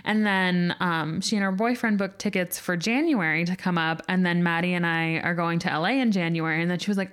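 A woman's voice: fairly low pitch, fairly quick, hardly any pauses, smooth. A young adult woman co-hosting a podcast, telling a personal story in casual chat, full of "like" fillers. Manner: chatty storytelling, lots of "like". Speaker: podcast co-host.

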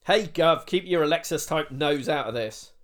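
A man plays a boisterous pub drinker who bosses everyone around. His pitch swings lively, and he turns brash and threatening. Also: normal speed, natural voice. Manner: brash, bossy.

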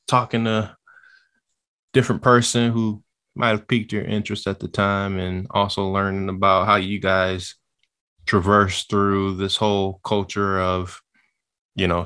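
A man hosting a casual podcast chat, relaxed and agreeable as he wraps up topics. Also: on the low side. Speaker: podcast host.

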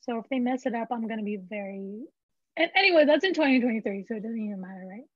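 High-voiced teen girl, dry lo-fi sound. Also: lively intonation, fast, no room sound. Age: teens. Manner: rambling, frank, filler-heavy. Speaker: teen panelist. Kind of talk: casual chat.

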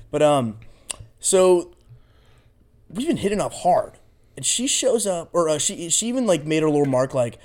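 A young man with a fairly high, very lively voice, telling a rambling, profane anecdote in a relaxed chat. His pitch swings widely as he acts out the people in the story. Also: normal speed. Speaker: podcast co-host.

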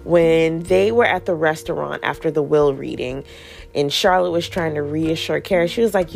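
A woman's voice: low voice, moderate pace, vocal fry, a little mellow. A woman hosting a podcast, recapping a TV show in casual, slangy chat, swearing freely and acting out characters' lines as she retells scenes.

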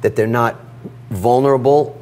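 A middle-aged man telling a personal story in an interview, animated and acting out the dialogue. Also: mid-range voice, moderate pace. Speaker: guest.

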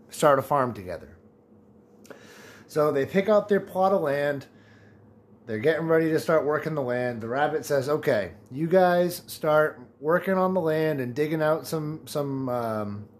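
A man's voice: medium pitch, slight background noise. A man in his late twenties hosting a casual solo podcast, telling jokes and laughing at his own punchlines. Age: 20s. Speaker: podcast host.

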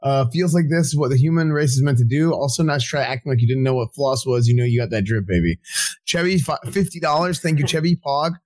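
A man on a live stream rattling off donor names and amounts with quick jokes. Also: mid-range voice, darkish tone, no echo. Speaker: streamer reading donations. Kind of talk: fast donation shout-outs on a charity stream.

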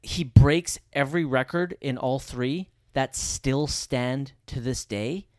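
A man co-hosting a movie podcast, talking casually and enthusiastically, swearing freely and getting louder when excited. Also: mid-range voice, slow pace, no echo, studio quality. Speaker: podcast co-host.

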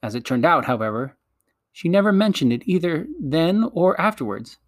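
A man narrating a children's storybook aloud with a measured storytelling delivery. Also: on the high side, very animated, no room sound, studio quality. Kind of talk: storybook audiobook reading.

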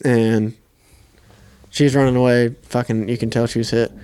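A young man co-hosting a podcast tells a hunting story at a normal speed, easygoing and loose, with frequent swearing. His middle-pitched voice comes across smooth and clear.

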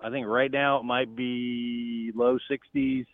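A man's voice: mid-range voice, flat delivery, takes it slowly, no room sound. A man joins a sports chat over the phone while standing outdoors, and his voice comes through tinny and narrow. He keeps his answers short, dry and laid-back. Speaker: co-host on a call.

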